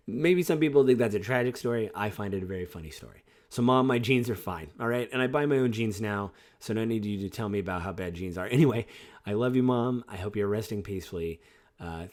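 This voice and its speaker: A man in his forties talks through a personal podcast episode on his own. His voice sits a little low, and he rambles in a reflective way, pausing on fillers as he goes. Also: a little mellow. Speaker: podcast host.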